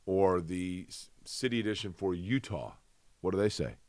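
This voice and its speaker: Guy co-hosting a sports show, playful grumbling, dry studio sound, low-ish voice. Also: animated, moderate pace, a little mellow, no echo. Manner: conversational, rhetorical questions, mock grumbling. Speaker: sports talk show co-host. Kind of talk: casual sports chat.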